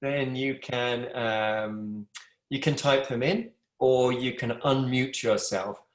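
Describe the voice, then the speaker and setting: Middle-aged yoga teacher, chatty and affectionate, mid-pitched, roomy home room sound on a video call. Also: male voice, fairly even intonation, slow. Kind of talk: live online yoga class. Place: room at home with a wood stove.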